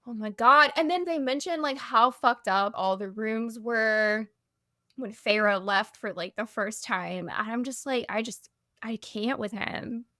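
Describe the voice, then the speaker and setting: A woman's voice: fairly high pitch, unhurried, sharp tone, no room sound, studio quality. A woman co-hosting a podcast, venting heatedly about a character in casual chat with swearing. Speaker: podcast co-host. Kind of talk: casual book discussion.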